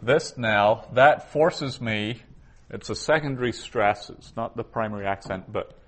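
A man with a very deep voice teaches a grammar lesson at an unhurried pace. He explains patiently and methodically, stopping to restart his sentences as he works through each point. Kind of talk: biblical Hebrew lesson.

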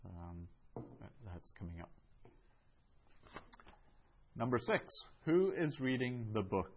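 Male teacher, unhurried delivery with fillers, dull muffled recording. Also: medium pitch, sing-song, creaky, heavy background noise. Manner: slow, measured, with many fillers. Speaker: Greek teacher. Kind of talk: classroom lesson, going over answers.

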